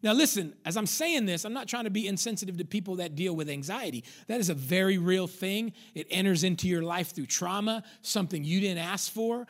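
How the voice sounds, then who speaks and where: A man's voice: high voice, a little fast, few pauses. A male pastor preaching a sermon with emphatic repetition, sometimes acting out an inner voice. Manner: emphatic preaching, repeats lines for stress, acts out inner voices.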